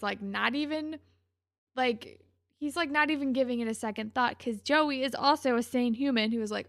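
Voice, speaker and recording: Sarcastically summing up a TV episode and voicing the characters' dialogue, a young podcast co-host speaks in a slightly high voice at a moderate pace. The studio recording is clean and dry, with no room sound.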